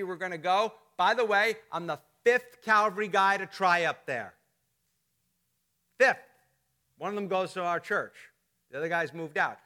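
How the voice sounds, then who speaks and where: A middle-aged male pastor with a high, bright voice gives a sermon in a church. He tells stories in a chatty, conversational way and jokes with his congregation. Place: church sanctuary.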